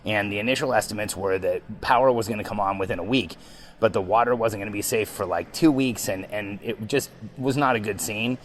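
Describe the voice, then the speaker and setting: Low-voiced man telling a story. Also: a little fast, a little hiss or hum, low-quality recording. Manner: animated, excitable retelling with frequent ums. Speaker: podcast host. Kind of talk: storytelling monologue.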